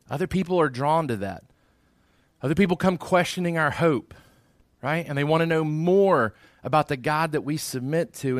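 A man's voice: fairly high pitch, no echo, clean studio sound. Earnest male pastor preaching. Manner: earnest, repeats phrases for emphasis. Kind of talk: sermon.

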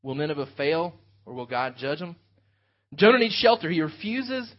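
A man's voice: on the high side, sing-song, normal speed. Earnest male preacher, lo-fi recording. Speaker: pastor. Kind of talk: sermon. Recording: dull lo-fi sound.

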